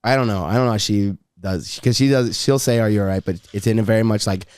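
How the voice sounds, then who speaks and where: A man's voice: on the low side, fast, darkish tone, smooth, dry recording. Man chatting, slips into mock accents. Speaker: podcast co-host. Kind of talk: casual podcast chat.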